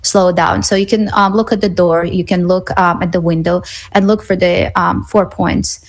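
A woman's voice: fairly low pitch, fairly even intonation, moderate pace, low-quality recording. A woman guest expert on a radio talk show, explaining things patiently with many "um"s and "right?"s. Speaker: psychologist guest.

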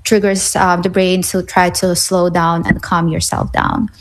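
A woman's voice: on the low side, little pitch movement, unhurried, poor audio. A woman guest expert on a radio talk show, explaining things patiently with many "um"s and "right?"s. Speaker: psychologist guest.

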